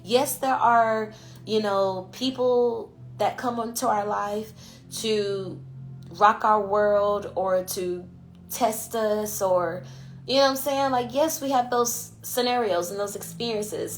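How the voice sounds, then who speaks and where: A woman hosting her own podcast in a loose, conversational monologue. She speaks as an intuitive coach, emphatic and direct, with a mid-range voice and frequent "you know" fillers. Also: medium pitch. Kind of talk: casual monologue. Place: IG Live recording.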